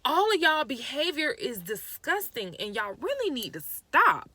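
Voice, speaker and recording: A young woman vlogger gives an exasperated rant straight to camera, scolding her listeners. Her voice sits a little high, swings widely in pitch and has a bright edge. The sound is close and dry. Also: big pitch swings, measured pace, hardly any pauses, no echo. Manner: exasperated, scolding, addresses people directly. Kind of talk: ranting commentary to camera.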